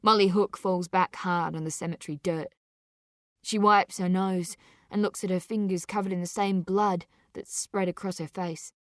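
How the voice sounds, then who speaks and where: A woman narrating a dark story with dramatic, deliberate delivery. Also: on the low side, fairly even intonation, dry recording, studio quality. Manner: slow, intense, deliberate delivery.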